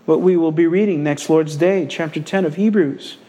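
High-voiced male pastor preaching emphatically. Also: moderate pace, mellow. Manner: emphatic, repeating key phrases. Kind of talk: sermon.

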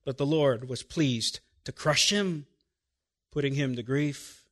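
A pastor with a medium-pitched voice delivers a sermon full of emphatic rhetorical questions to the congregation, easing into quiet, slow phrases before rising again.

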